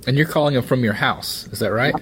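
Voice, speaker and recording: A man's voice: medium pitch, quick pace, fairly bright tone, slight background noise. A man hosting a podcast interview, reacting briefly and asking follow-up questions. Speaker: podcast host.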